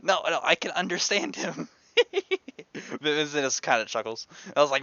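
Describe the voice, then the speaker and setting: A man's voice: a little high, animated, moderate pace, bright, forceful tone, no room sound, lo-fi sound. A man playing in a tabletop game, chatting casually and stammering often. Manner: stammering, laughing easily. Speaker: player. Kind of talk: casual tabletop role-play.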